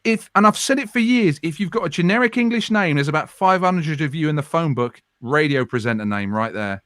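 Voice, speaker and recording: A man in his forties swaps radio anecdotes in a relaxed, self-mocking way. His voice sits a touch high and jumps around a lot as he tells the tale. The sound is dry and close, with no room echo. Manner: lively, self-deprecating anecdotes with quick asides. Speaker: radio presenter guest. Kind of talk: casual storytelling chat. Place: home room.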